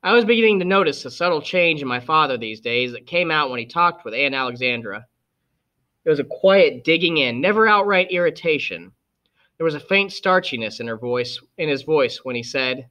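Man reading a novel aloud, bright tone. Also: a little high, animated, a little fast, highs cut off. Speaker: audiobook reader. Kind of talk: scripted narration.

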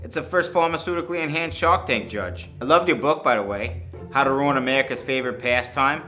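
A man with a Boston accent giving a brash, crude comedy sales pitch to investors. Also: brisk, sharp tone. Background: music.

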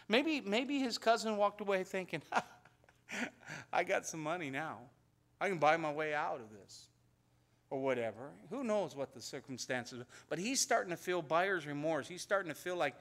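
Animated and fairly bright, his voice on the high side, a pastor moves at a moderate pace through an expository sermon in a church sanctuary. He speaks conversationally, often repeats words, and performs the prayers he quotes.

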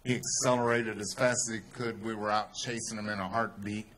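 A man with a Texan accent telling a story in a speech to a crowd, rising to loud, emphatic peaks. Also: on the low side, little pitch movement, fairly quick, a little hiss or hum. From Texas. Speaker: speaker at a rally.

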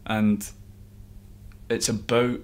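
A man's voice: fairly low pitch, flat delivery, very slow. A man, an assistant football coach, giving earnest interview answers and thinking aloud with frequent restarts.

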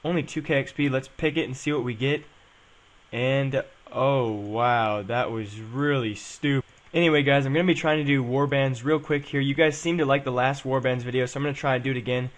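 A man's voice: mid-range voice, fairly even intonation, fast talker. A young man chatting casually as he plays and comments on a game, rambling and saying "um" and "guys" a lot. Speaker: gaming channel host.

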